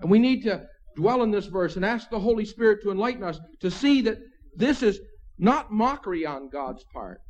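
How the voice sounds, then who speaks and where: A man's voice: high voice, lively intonation, normal speed, darkish tone. A man preaching a sermon in a conversational way, with asides and small chuckles. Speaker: pastor.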